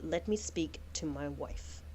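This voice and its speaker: A woman voicing a heartbroken woman necromancer who speaks quietly and slowly, lower than her own voice. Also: a little hiss or hum.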